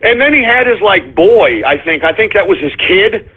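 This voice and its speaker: Guy ranting on his radio show, high husky voice, sounds like it's coming through a phone line. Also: expressive, normal speed. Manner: agitated ranting, shouting bursts, repeats himself. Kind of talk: ranting call-in radio monologue. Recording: phone-line quality broadcast.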